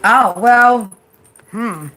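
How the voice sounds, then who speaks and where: A woman with a slightly high, sharp-toned voice speaks very slowly over slight background noise while giving a live tarot reading. She's blunt, swears freely, and coaches emphatically, constantly tacking "right?" onto her points.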